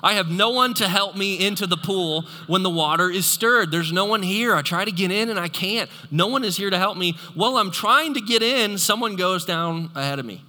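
A man's voice: high voice, moderate pace, hardly any pauses, sharp tone, voice pushed up. A man voicing a helpless, self-pitying crippled man lying on a mat, whining and pleading, in a sermon illustration. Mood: whiny. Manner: whiny, pleading, complaining. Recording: long echoey hall reverb.

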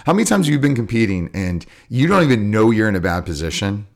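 Casting: a man with a Southern accent and a very low voice, who chats casually as a podcast co-host about coaching and sometimes breaks into a mock sideline yell. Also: sing-song, quick pace, gravelly. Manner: acts out coaches yelling from the sidelines.

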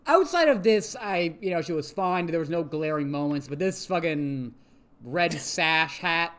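A podcast co-host recapping a TV episode in casual chat, animated and rambling, swearing freely. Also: mid-range voice, moderate pace.

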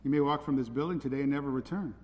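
A man's voice: medium pitch, rapid-fire, darkish tone. A man preaching a sermon in a church, urgent and pleading as he presses his listeners. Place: church hall. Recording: hall reverb with faint ambient noise.

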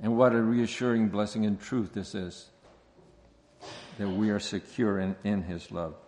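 Man, preacher, sermon, slow deliberate delivery, repeats phrases for emphasis, long hall reverb. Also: lowish voice, fairly even intonation, darkish tone, slight background noise. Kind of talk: expository sermon.

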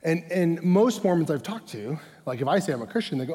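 A pastor preaching a sermon as a casual, self-deprecating personal story, acting out bits of dialogue. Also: male voice, fairly high pitch, animated, fast talker, mellow, breathy edge. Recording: long hall reverb.

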